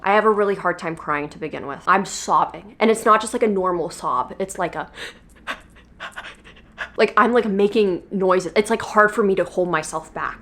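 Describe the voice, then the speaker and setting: A young woman vlogger in her twenties talks casually straight to her viewers. She gushes about the things she loves, swears freely and pokes fun at herself, at an ordinary middle pitch. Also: a bit bright. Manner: gushing, swears freely, playful and self-mocking. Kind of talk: casual chat. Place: New York.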